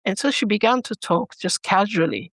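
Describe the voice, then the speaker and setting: A woman's voice: medium pitch, moderate pace, a bit bright, no echo. Earnest woman telling her story. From Sierra Leone. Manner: earnest storytelling that acts out remembered dialogue. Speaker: guest. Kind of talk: personal storytelling in a podcast interview.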